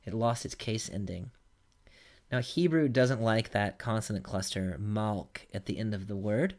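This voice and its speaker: A man's voice: on the low side, unhurried. A man teaching a recorded language lesson, patiently walking through examples one at a time. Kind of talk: recorded lecture.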